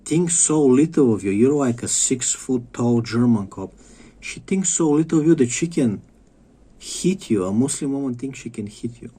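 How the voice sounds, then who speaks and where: A man's voice: medium pitch, dark tone, husky. A man from Bulgaria, ranting in a rambling monologue, swearing often and repeating himself. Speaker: vlogger. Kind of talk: profane monologue rant.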